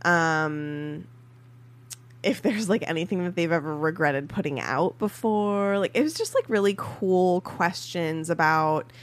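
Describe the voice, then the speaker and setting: A woman's voice: fairly low pitch, measured pace. A young woman co-hosting a podcast, chatting casually with plenty of fillers. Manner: relaxed, chatty, lots of fillers. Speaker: podcast co-host. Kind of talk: casual chat.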